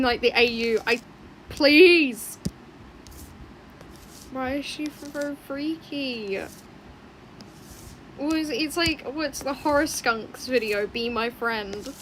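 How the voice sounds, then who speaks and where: A woman's voice: fairly high pitch, a little hiss or hum, poor audio. Rambling young woman artist. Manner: rambling, chatty, often muttering quietly to herself. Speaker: artist streaming her drawing. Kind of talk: casual rambling chat while drawing.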